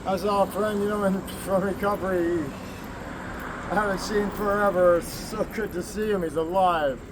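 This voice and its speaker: High-voiced man rambling candidly. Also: steady tone, normal speed, background noise. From American Southwest. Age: 40s or older. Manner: candid, profane, laughs often. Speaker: vlogger. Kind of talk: rambling personal monologue.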